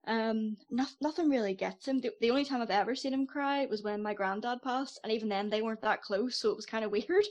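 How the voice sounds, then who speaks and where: Female podcast guest, slightly high voice, relaxed and candid. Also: brisk, hardly any pauses. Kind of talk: casual chat.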